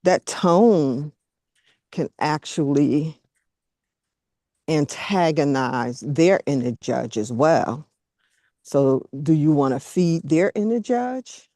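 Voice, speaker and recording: Slow, gentle woman leading a group call. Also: low-pitched, lively intonation, dry recording, clean studio sound. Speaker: group facilitator. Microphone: video call.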